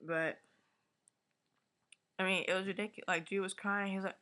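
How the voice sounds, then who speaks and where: A woman giving a casual, animated episode recap, swearing freely and acting out the characters' lines. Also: medium pitch, normal speed, long pauses. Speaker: vlogger reviewing a TV episode. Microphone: webcam or laptop mic.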